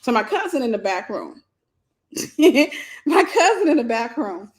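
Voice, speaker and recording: A woman host telling a personal story, animated and repeating phrases for emphasis. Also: a little high, measured pace.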